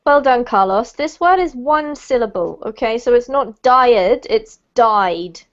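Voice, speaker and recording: A woman with a fairly high voice leads a pronunciation class over a video call, encouraging her students. The audio is dull and muffled. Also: expressive, normal speed. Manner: encouraging, gives gentle feedback. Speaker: pronunciation teacher. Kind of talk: online group pronunciation class.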